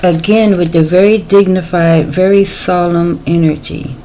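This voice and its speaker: A woman's voice: on the low side, fairly even intonation, unhurried, dark tone, a little hiss or hum, poor audio. A middle-aged woman giving a casual tarot reading, chatty and folksy with playful asides. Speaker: tarot reader.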